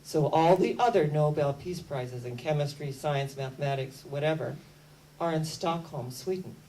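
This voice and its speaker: A woman speaking to an audience, telling a story as a lively storyteller who keeps coming back to energy and spirit. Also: deep voice, normal speed, far from the mic, poor audio. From United States. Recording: voice a bit off mic with faint hum.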